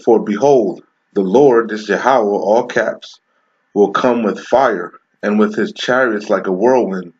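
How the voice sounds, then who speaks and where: A low-voiced man preaching in a confrontational, profane way, reading verses slowly and breaking them down while asking "okay?" again and again. The recording is dull and lo-fi. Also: husky. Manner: slows down to read verses aloud. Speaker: street preacher. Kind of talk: scripture reading with commentary.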